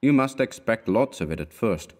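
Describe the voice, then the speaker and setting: A man voicing a relaxed young male art student with an unaffected, casual way of talking. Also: fairly low pitch, normal speed, in a large hall, lightly acted. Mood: easygoing.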